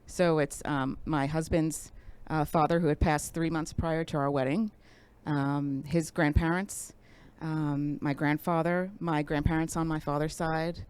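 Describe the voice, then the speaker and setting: A woman appearing as a guest on a talk show, soft-spoken and halting with frequent fillers as she talks. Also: deep voice, fairly even intonation, clear, resonant tone. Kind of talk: casual interview.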